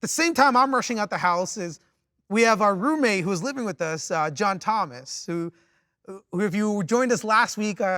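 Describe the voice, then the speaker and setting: Guy preaching, high bright voice, dry close sound, lots of "and, and" restarts. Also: dry recording. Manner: animated, with frequent restarts and repeated words; swings from loud exclaiming to quiet reflection. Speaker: pastor. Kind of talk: storytelling sermon.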